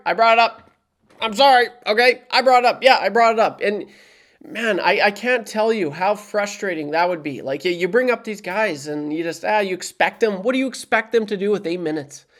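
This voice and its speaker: A young man from Canada, a hockey vlogger and radio producer, ranting casually to camera with frustration and lots of repetition. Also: high-pitched. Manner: animated, repeats himself, frustrated. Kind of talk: casual heated rant to camera.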